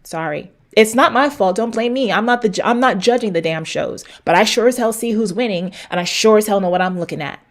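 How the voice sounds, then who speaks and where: With a medium-pitched voice and a brisk delivery that leaves few pauses, a middle-aged woman hosting a fitness show rants advice directly to the camera. She's blunt and preachy, swears for emphasis, and repeats phrases for punch as she addresses viewers.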